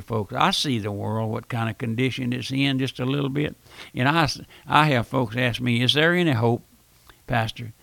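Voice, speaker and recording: A man's voice: medium pitch, gravelly, a bit bright, no room sound. An older man preaching a pleading, urgent radio sermon as a radio preacher. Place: radio broadcast recording.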